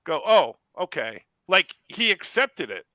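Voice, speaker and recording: A man co-hosting a podcast, quickly chiming in with his side of a story in casual chat. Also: sits high, big pitch swings, pushed and bright, dry recording. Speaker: podcast co-host.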